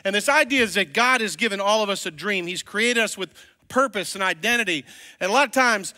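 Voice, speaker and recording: A man's voice: sits high, lively intonation, fairly quick, sharp tone. A male pastor preaching a sermon in a casual, joking, conversational way from a church sanctuary. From Virginia, US. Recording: long reverb of a church hall.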